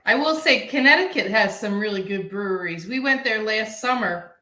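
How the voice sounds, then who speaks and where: A woman who is a guest in a casual chat, telling travel stories in an animated, laughing way. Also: medium pitch, moderate pace. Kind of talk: casual storytelling. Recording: echoey room with faint noise.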